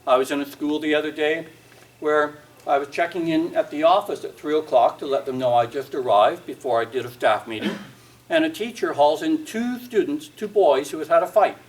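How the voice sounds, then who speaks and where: A man's voice: on the high side, moderate pace. A man giving a seminar talk on discipline, telling stories and acting out what parents, teachers and children say, with dry humor. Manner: storytelling, acts out quoted parents and kids, wry humor. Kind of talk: seminar talk with acted anecdotes. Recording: distant mic with faint background noise.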